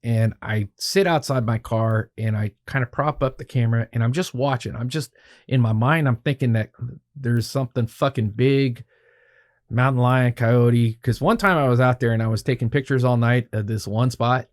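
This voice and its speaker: A man telling a long, animated story as a podcast guest, swearing freely and acting out what people said. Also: mid-range voice, normal speed. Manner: animated, profanity-laced, acts out quoted dialogue. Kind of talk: casual storytelling.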